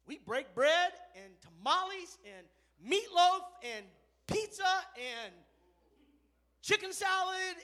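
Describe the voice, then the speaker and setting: This is a man's storytelling sermon in church, with a voice that's strikingly high, sharp, and bright, rising at times to fervent near-shouting. The narrative never stalls, and he bears down on each punchline of faith. Nothing about it sounds performed; it's simply how this pastor preaches.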